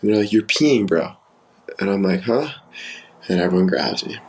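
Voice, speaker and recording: A man's voice: low-pitched, fairly even intonation, a little fast, rough recording. A young man hosting a live stream, telling candid, rambling stories and answering viewer comments. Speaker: livestream host. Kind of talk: casual livestream chat.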